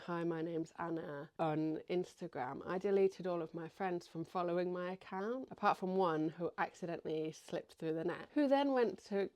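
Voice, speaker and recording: English woman vlogging about her small business, chatty, lots of likes, kinda low voice. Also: a little mellow. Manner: chatty, lots of "like" and "you know". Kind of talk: casual chat to camera.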